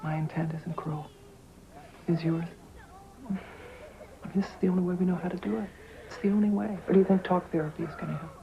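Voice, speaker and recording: An actress playing a firm, relentless therapist who pushes insistently and then softens to hushed reassurance. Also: female voice, lowish voice, steady tone, brisk, vocal fry, pauses often, dull audio, a crowd in the background. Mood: calm, firm. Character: firm, relentless female therapist, middle-aged. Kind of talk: film drama acting.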